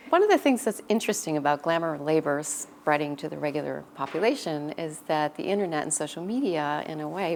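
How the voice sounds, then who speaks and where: A woman's voice: low voice, gravelly, slight background noise. A woman academic explaining her research in a thoughtful, explanatory way during an interview. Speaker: fashion academic. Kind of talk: interview answers.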